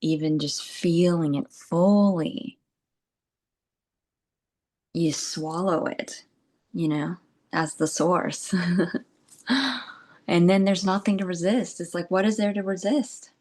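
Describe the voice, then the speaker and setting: Woman spiritual teacher, low voice, unhurried, meandering meditative talk with soft laughs. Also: fairly even intonation. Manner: soft, unhurried and meandering, with frequent "you know" and "like" and gentle laughs.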